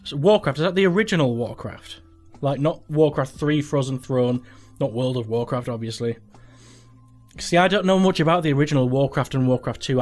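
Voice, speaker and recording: A young man hosting a gaming channel, commenting casually and sweary as he plays a quiz game, thinking aloud in disbelief. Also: medium pitch.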